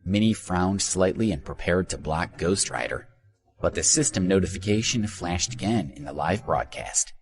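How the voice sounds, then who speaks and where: A man narrating an audiobook with a very deep voice. His pitch rises and falls a lot as he tells the story expressively. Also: expressive, normal speed.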